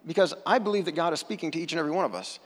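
A man's voice: fairly high pitch, rapid-fire. A man from the United States preaching a sermon at church in a casual, conversational way, with self-deprecating asides. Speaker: pastor. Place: church sanctuary. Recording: long hall reverb.

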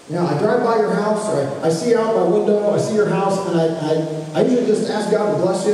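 Soft-toned pastor in an echoey hall. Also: male voice, high voice. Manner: conversational, gentle, with frequent restarts. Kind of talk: sermon. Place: church sanctuary. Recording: echoey hall, from far off, faint noise.

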